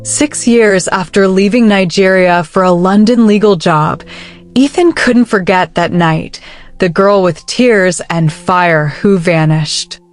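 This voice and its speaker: A woman narrating a story in a measured, even delivery. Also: medium pitch, soft background music.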